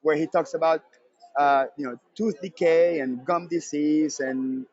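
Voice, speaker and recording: A man giving a live conference talk, energetic and repeating his points for emphasis. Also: on the high side, unhurried, dull audio. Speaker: presenter at a conference session. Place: convention center session room.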